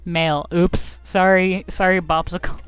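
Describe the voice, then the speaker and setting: A woman's voice: lowish voice, smooth, no room sound. A young woman streaming a video game, chatting casually with goofy, giggly, self-mocking commentary.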